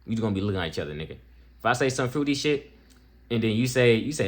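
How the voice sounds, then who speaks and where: A young man reacting to a video in casual, profane talk, laid-back but jumping into excited peaks. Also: mid-range voice, fast talker. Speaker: reaction streamer.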